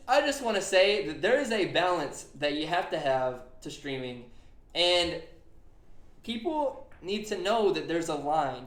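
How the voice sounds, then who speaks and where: Young male podcast host, earnest and rambling, a bit high-pitched, echoey room. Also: a bit bright. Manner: earnest, retelling a conversation with many fillers. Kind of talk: casual podcast chat.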